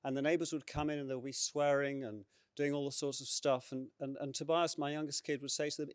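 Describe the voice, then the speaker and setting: Middle-aged English man on a panel, earnest and halting, average pitch, dry close mic. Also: level tone, smooth, no echo. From England. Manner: earnest, halting with many fillers and repeated words. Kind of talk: conference panel talk.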